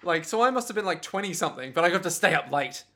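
A young man from Australia tells stories in loose podcast banter, swearing and laughing easily. His voice is fairly high and bright, with a pitch that swings widely. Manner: animated, swearing, quick to laugh. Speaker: podcast co-host. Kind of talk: casual banter recapping an anime.

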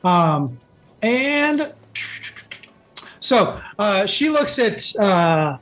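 Male game master, high-pitched, loose rambling narration full of fillers. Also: very animated, very slow, a bit bright, a little hiss or hum.

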